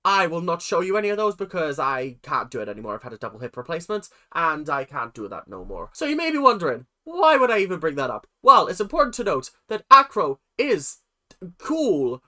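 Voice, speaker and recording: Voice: mid-range voice, sing-song, a little fast, sharp tone. A reaction host putting on a pompous, rambling Irish announcer character with a showy, waffling delivery.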